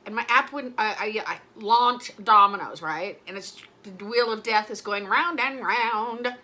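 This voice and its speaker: A middle-aged woman vlogs in casual chat, her medium-pitched voice pushed and bright at a measured pace. She rambles emotionally and often cuts herself off mid-sentence.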